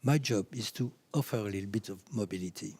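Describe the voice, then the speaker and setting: Man, french accent, mellow dark voice, earnest and halting, conference speaker. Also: on the low side, slightly rough. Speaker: chiropractor, keynote speaker. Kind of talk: conference talk.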